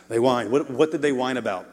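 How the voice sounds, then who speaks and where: Animated male preacher in a reverberant hall. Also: mid-range voice, normal speed. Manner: animated, varying volume, with playful asides. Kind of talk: sermon.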